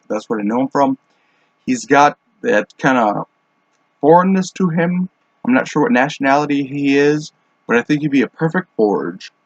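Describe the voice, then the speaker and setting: On a dull, dry lo-fi home mic with no room sound, a mid-range male podcast host smokes and rambles offhandedly through a solo monologue on fan casting, full of fillers and restarts.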